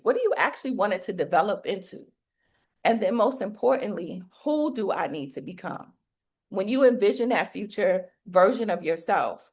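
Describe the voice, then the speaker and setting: Preachy woman coach, folksy faith-filled talk. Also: on the low side. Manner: preachy, faith-filled, rhetorical questions, colloquial. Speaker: business coach for hairstylists.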